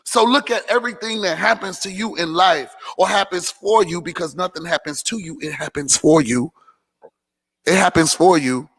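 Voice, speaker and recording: A man's voice: sits high, fairly quick, hardly any pauses, fairly bright tone. A man giving casual motivational talk to his followers, preachy and repeating phrases for emphasis. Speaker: motivational vlogger hosting a Q&A. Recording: long hall reverb.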